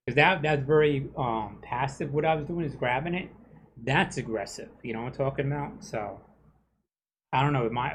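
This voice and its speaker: A man on a game stream, venting in a heated, profane rant. His voice sits at an ordinary middle pitch, and he keeps asking whether you know what he's saying. A faint hum of noise sits behind him. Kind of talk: casual rant while streaming gameplay.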